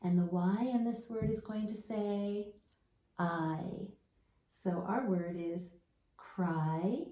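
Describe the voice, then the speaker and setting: Woman, reading teacher; slow, patient phonics delivery, low and warm, echoey room. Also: fairly even intonation. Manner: patient, spells letters one by one and models sounds. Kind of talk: slow, deliberate phonics lesson.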